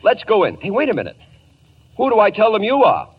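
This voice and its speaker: A man's voice: high voice, fairly quick, husky, exaggerated voice. An actor playing an eager, nervous young man posing as a famous crooner in a 1940s radio comedy, on a muffled old recording. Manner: excitable, jokey.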